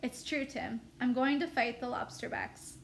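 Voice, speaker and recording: A woman's voice: high-pitched, steady tone, a little slow, vocal fry, slight background noise. A woman reading a novel aloud, voicing a proud, cocky young man in a plain, lightly voiced way.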